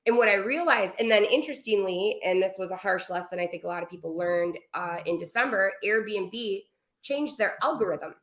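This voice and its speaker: A travel business owner, interviewed as a podcast guest, rushes through an animated account of her company with plenty of tangents and sudden shifts. The recording carries a roomy echo, and her pitch is medium.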